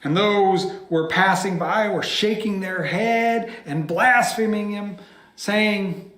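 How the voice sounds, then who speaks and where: Reciting a Bible story from memory, a pastor speaks slowly in a high, expressive voice. He heightens the drama and drops some lines into a hushed whisper, while the church room adds an echo to the sound.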